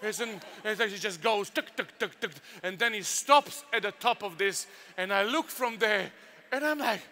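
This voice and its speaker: A man with a Serbian accent telling stories and preaching at a youth workshop, animated and full of sound effects. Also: high voice, moderate pace, slight background noise. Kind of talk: storytelling youth workshop talk.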